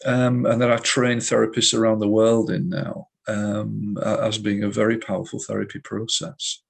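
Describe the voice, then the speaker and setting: A middle-aged man, a hypnotist guest in an interview, telling vivid stories in a measured way. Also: lowish voice, level tone, creaky, husky. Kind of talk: storytelling interview.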